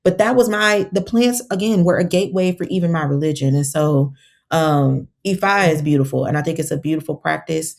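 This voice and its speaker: A woman's voice: sits low, fairly quick, vocal fry. A woman herbalist, a guest on a podcast, telling stories in casual conversation and acting out her own quotes.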